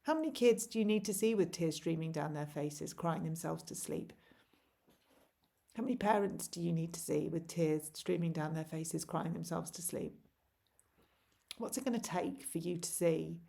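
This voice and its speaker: A woman's voice: lowish voice, moderate pace, vocal fry, warm tone. A woman in her forties, a parent vlogger, delivers an impassioned, pleading monologue to camera full of rhetorical questions.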